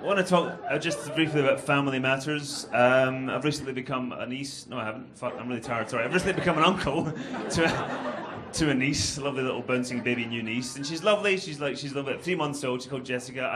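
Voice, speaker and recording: A man doing a stand-up comedy set in a club, sweary and rambling, with quick asides. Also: mid-range voice. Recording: noisy live club recording.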